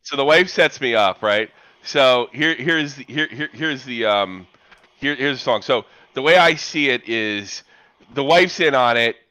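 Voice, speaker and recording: A man's voice: mid-range voice, animated, unhurried, bright, forceful tone, no echo. A man on a podcast, stammering and eager in casual chat.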